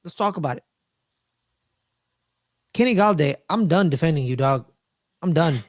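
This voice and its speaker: A man co-hosting a casual sports podcast, talking excitedly and repeating phrases for emphasis. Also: fairly high pitch, moderate pace. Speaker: podcast co-host.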